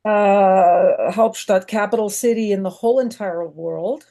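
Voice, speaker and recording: A woman's voice: medium pitch, a little slow, vocal fry, warm tone. An American woman asking a long, rambling question on a video call, enthusiastic and full of fillers. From United States. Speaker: audience member asking a question. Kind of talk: online Q&A question.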